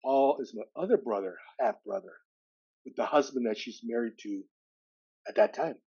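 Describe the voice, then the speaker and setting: Older guy in his 60s telling his story on a podcast, lively and expressive, medium pitch, kinda dull lo-fi audio. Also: moderate pace, creaky. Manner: animated storyteller who acts out dialogue with shifting voices. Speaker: podcast guest. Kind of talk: personal storytelling.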